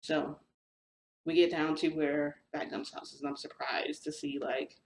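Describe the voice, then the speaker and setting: A woman tells her viewers a rambling vlog story about a shifting experience, chatty and full of fillers and mild slang like "like" and "freaking." Her voice is low, creaky and flat, her pace unhurried, and the recording has a roomy echo with faint ambience.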